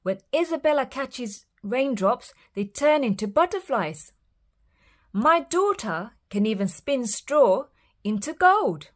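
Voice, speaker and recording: A woman's voice: high-pitched, sing-song, slow pace, pitched above the performer's own voice, exaggerated voice. Woman playing a foolish storybook miller, man, bragging, puffed up. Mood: boastful. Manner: bragging, proud. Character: foolish boastful male miller.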